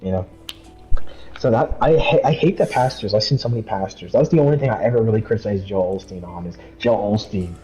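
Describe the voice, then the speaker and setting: A man hosting a casual Bible study, arguing his points emphatically and reading verses aloud slowly. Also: fairly low pitch, warm tone, muffled recording, faint music behind. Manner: emphatic, talks over the other speaker, reads verses slowly. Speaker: host leading a Bible study.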